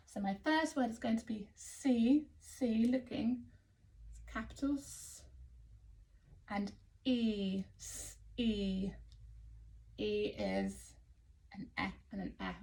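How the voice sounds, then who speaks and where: A woman with an English accent teaching phonics to young children, sounding out letters slowly and praising often. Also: fairly high pitch, a little mellow. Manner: slow, sounding out letters, encouraging. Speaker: early years teacher.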